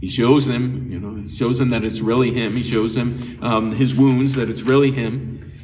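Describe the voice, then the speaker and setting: Male pastor, earnest conversational sermon, mid pitch; distant, muffled recording. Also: fairly even intonation, normal speed, a little mellow. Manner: earnest, conversational, with frequent restarts. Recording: dull, lo-fi sound from a distant mic with faint noise.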